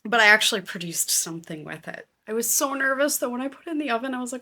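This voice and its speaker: Bright-voiced chatty woman podcaster. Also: medium pitch, fast talker, few pauses. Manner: chatty and excitable, self-deprecating. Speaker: podcast host. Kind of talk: casual chat.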